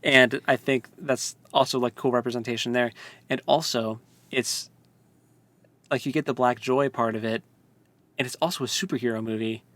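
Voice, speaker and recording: A man's voice: medium pitch, moderate pace, no room sound. Chatty, laughing man podcast co-host. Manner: animated, laughing, filler-heavy. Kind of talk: casual podcast discussion.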